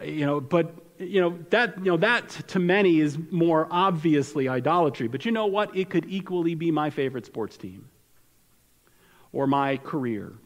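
A man preaching a sermon as pastor, speaking conversationally and repeating phrases for emphasis, with his voice dropping softly at key lines. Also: on the high side. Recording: long hall reverb.

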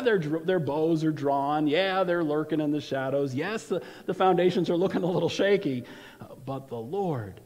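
Long reverb from a large hall fills the church sanctuary as a pastor preaches his sermon. His pitch is fairly high and his tone darkish. He keeps it conversational, often repeating words when starting a phrase.

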